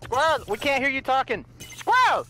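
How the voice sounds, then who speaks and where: Very high, wildly swinging man's voice. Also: very animated, moderate pace, poor audio. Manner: loud, joking, yells at friends. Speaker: gamer. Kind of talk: rowdy voice-chat gameplay banter.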